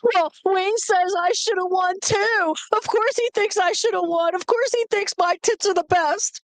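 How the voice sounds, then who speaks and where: A woman's voice: high-pitched, brisk, dry recording, pitched above the performer's own voice. A woman putting on the voice of her whiny, carefree adult sister, pleading and indignant.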